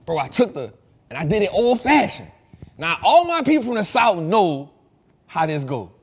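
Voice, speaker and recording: Male host, 30s, casual storyteller, raised pitch, very lively delivery. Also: normal speed, slightly rough. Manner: animated, slangy, shifts from loud to hushed.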